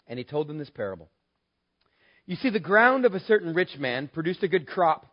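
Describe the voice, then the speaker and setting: A man's voice: fairly high pitch, big pitch swings, brisk. A male pastor preaching a sermon in an emphatic, conversational way, telling the story with animation. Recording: dull lo-fi sermon recording.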